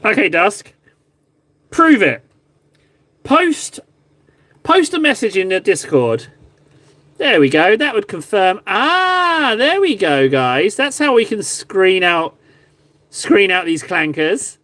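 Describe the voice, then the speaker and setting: A man's voice: sits high, sing-song, slow, pauses often, sharp tone, no echo. A man streaming live, chatting casually and joking with his viewers while painting miniatures. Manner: chatty, jokey, mock-grovelling. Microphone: phone camera.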